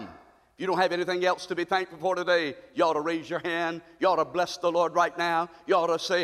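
A man preaching a sermon as pastor, calling out to the congregation and building to shouts. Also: fairly high pitch, brisk, big-room sound. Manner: call-and-response preaching, rising to shouts. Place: church sanctuary.

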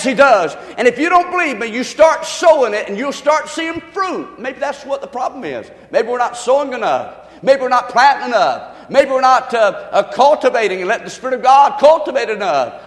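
A man's voice: sits high, fairly bright tone, in a large hall. A man preaching a sermon as pastor, telling a folksy story with emphatic delivery.

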